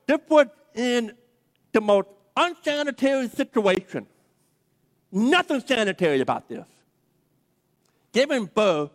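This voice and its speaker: Preacher with a very high voice, long hall reverb, lively and humorous storytelling. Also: male voice. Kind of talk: sermon storytelling.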